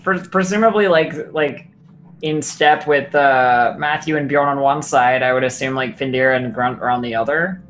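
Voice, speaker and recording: A woman's voice: rumbling low, normal speed, a little hiss or hum. A woman playing a tabletop game, describing her character's actions in a rambling, filler-heavy way. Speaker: player. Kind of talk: casual tabletop game chat.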